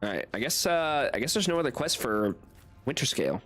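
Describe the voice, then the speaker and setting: A young man streaming a game, giving excitable, laughing live commentary and reading aloud. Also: mid-range voice, a little fast, soft background music.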